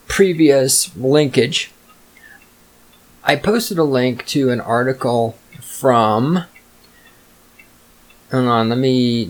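A man rants alone into his podcast mic, swearing constantly and dripping with sarcasm. His voice sits at an ordinary middle pitch. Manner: profane, sarcastic, ranting. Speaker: podcast host. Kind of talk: solo rant monologue.

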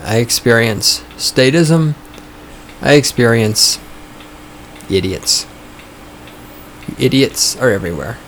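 A man hosting his own podcast, talking in a sarcastic, profane, ranting way, his voice starting to go hoarse. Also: medium pitch, animated, slow pace, pauses often, fairly bright tone, a little hiss or hum. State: voice going hoarse. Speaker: podcast host. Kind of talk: casual opinionated podcast monologue. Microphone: studio microphone.

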